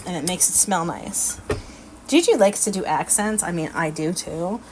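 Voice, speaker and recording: A woman's voice: lowish voice, moderate pace. A middle-aged woman, chatting folksily and laughing as she demonstrates a recipe in her home kitchen. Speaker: cooking vlog host. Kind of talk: casual cooking demonstration. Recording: loud background noise.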